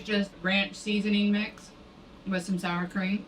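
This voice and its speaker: A woman co-hosting a cooking show, explaining each step in a relaxed, casual way. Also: medium pitch, slow, a little hiss or hum, poor audio.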